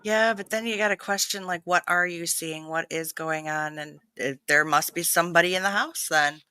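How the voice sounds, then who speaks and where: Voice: mid-range voice, normal speed, bright, forceful tone, clean tone, no echo. A co-host on a live paranormal stream, chiming in with short reactions and opinions. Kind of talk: casual chat.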